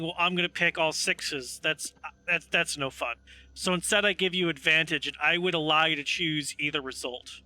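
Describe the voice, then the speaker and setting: A man running a tabletop game as game master, explaining rules and narrating at an unhurried pace with many restarts. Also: high voice, pushed and bright, no room sound. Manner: unhurried, with frequent restarts and asides.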